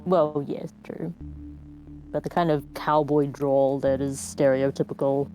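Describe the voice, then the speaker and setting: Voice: medium pitch, fairly even intonation, measured pace, warm tone, faint music behind, rough recording. A co-streamer in casual live chat, talking in a rambling way with lots of hedging. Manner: rambling, laughs often, hedging.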